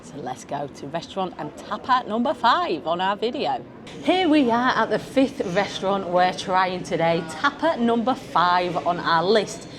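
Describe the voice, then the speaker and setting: This food vlogger's mid-range voice is animated but a little slow, set against a busy restaurant crowd. At a beachfront restaurant, she samples tapas, chats casually, and hums appreciatively with each bite.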